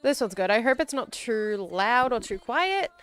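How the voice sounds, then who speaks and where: A woman's voice: on the high side, lively intonation, normal speed, fairly bright tone, smooth. Giggly, rambling young woman streamer. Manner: rambling and giggly, lots of fillers. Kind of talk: casual chat. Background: faint background music.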